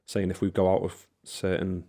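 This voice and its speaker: A man's voice: deep voice, monotone, moderate pace, warm tone. A man, rambling and swearing freely in casual football podcast chat. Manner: rambling, swears a lot, restarts often. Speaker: podcast host.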